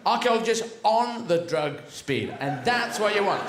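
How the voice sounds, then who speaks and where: Animated man doing stand-up. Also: high-pitched, normal speed, few pauses, a little hiss or hum. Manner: rambling, digressive, self-correcting. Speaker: stand-up comedian. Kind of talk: stand-up comedy routine. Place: large theatre stage. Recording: echoey theatre with audience laughter.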